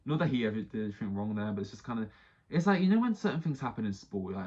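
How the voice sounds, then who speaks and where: A man's voice: lowish voice, lively intonation, rapid-fire, darkish tone, husky, highs cut off. A man hosting a podcast, ranting casually with lots of swearing and rambling restarts. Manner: rambling, heavy swearing, exasperated. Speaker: podcast host. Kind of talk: casual solo podcast rant.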